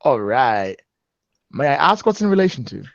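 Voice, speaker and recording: Gravelly, animated man at a game table. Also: medium pitch, moderate pace, dry recording, muffled recording. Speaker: player.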